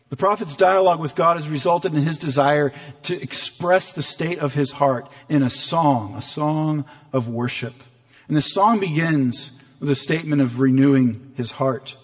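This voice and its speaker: Earnest male preacher in a reverberant hall. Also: on the high side. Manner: earnest, animated, acts out voices for effect. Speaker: pastor. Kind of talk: sermon.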